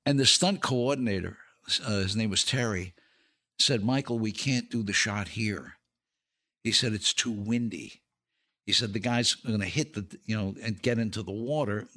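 An older man, both actor and comedian, guests on a podcast and casually recounts show-business tales, laughing through each punchline. His voice is on the low side with a sharp tone, at normal speed.

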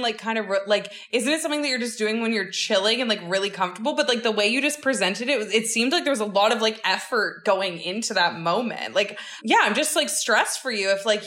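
A woman's voice: a little high, a bit bright. A woman guest on a podcast, chatting casually and agreeing supportively.

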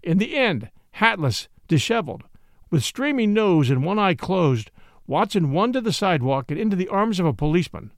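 A man reading a classic short story aloud as narrator, with an expressive, dramatic delivery. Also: sits high, normal speed, no room sound, clean studio sound.

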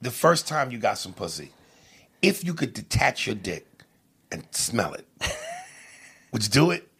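Crude, laughing podcast co-host. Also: male voice, mid-range voice, wildly swooping pitch, unhurried, creaky, fairly bright tone, slightly rough. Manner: crude, laughing, mumbling asides. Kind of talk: crude casual chat.

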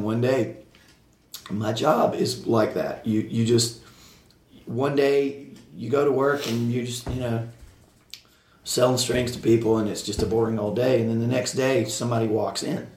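A man's voice: medium pitch, fairly even intonation, normal speed, darkish tone. A man telling casual stories as a podcast guest, rambling with restarts and frequent laughter. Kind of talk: casual storytelling. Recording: roomy echo.

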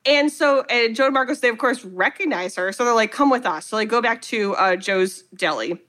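A woman with a bright, high voice chatting casually as a podcast co-host. She retells a movie plot with animated storytelling and slips into quick acted-out lines for the characters. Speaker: podcast co-host recapping a film. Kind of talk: casual chat.

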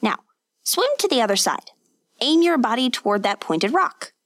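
A woman voicing a stern male master who barks commands at his pupil in a raised, pitched-up voice. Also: sing-song, normal speed, no echo, clean studio sound. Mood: commanding. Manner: barking, commanding. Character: stern man, a harsh swimming master.

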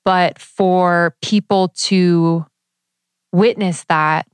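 A woman's voice: on the low side, steady tone, drawn-out words, clean tone, no room sound. A woman co-hosting a casual chat, speaking earnestly and reflectively with casual swearing. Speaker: podcast co-host.

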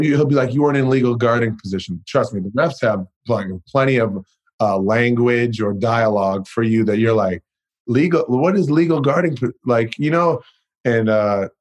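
A young man who plays pro basketball guests on a podcast, his voice fairly low and darkish. The interview chat is loose and profane, sprinkled with "you know" and "like."

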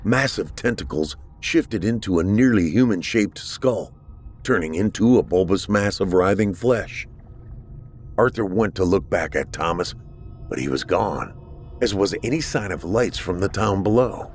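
Deep-voiced guy reading a scary story, lots of swing in his voice. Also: lively intonation, a little slow, a little hiss or hum. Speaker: narrator. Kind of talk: horror story narration.

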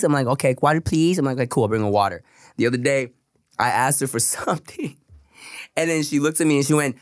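A man co-hosting a podcast, a father talking casually about his toddler, relaxed and a little profane. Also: medium pitch, fairly quick, no echo, clean studio sound. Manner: laid-back, says "bro" and "dog", swears casually. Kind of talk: casual chat.

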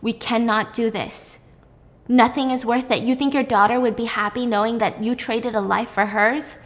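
A woman's voice: fairly high pitch, fairly even intonation, moderate pace, long reverb tail, close to an everyday voice. A woman recounting a film, voicing a young woman hacker who pleads earnestly with a friend. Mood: pleading. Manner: urgent, pleading.

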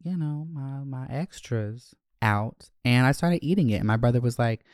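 A young man hosts a podcast and tells stories from his childhood, swearing freely and joking as he goes. His voice is smooth and resonant. The sound is close and dry, with no room echo. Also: mid-range voice, lively intonation, moderate pace, darkish tone. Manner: candid, profane, joking. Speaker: podcast host. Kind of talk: casual storytelling.

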